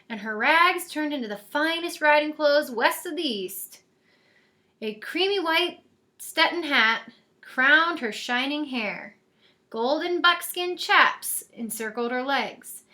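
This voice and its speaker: Storyteller: woman, high and bright, lively read-aloud. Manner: lively, expressive reading voice.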